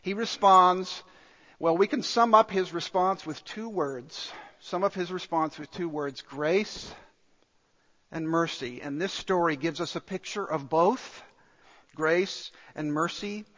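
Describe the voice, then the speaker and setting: High-voiced, slow-preaching man in a hall. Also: fairly bright tone, muffled recording. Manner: emphatic, with repeated phrases and pauses. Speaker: pastor. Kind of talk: sermon.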